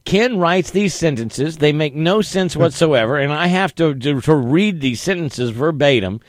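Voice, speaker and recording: Radio host guy, keeps tripping over his words, lively up and down voice, dry close sound. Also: fairly high pitch, a little slow, dry recording. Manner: self-deprecating, stammering restarts. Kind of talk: casual morning radio banter.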